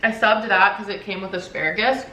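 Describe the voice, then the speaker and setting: A woman's voice: mid-range voice, fairly even intonation, fairly quick, pushed and bright. A young woman YouTuber chatting casually while she eats on camera for a mukbang, swearing now and then. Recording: roomy echo, faint background noise.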